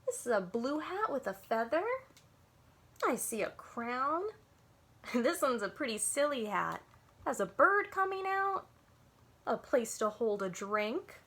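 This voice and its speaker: A woman's voice: fairly high pitch, lively intonation, unhurried, fairly bright tone. A woman working as a children's librarian, reading picture books aloud to young listeners in a sing-song way and often stopping to ask them questions.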